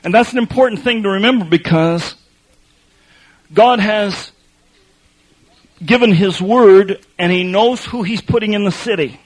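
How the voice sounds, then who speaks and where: A man preaching a sermon, telling a lively story with laughs and then reading scripture slowly and quietly. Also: high-pitched, poor audio.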